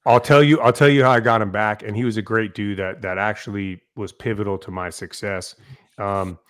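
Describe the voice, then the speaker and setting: Middle-aged male firefighter guest; lively storyteller who voices the people in his tales. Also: fairly low pitch, a little fast. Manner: animated storyteller, swears, acts out quotes loudly. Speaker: podcast guest, fire captain. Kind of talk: casual storytelling.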